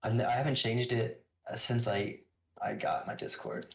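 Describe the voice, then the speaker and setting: A man co-streaming a watch party, chatting casually and asking quick questions. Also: mid-range voice, expressive, gravelly. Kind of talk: casual chat.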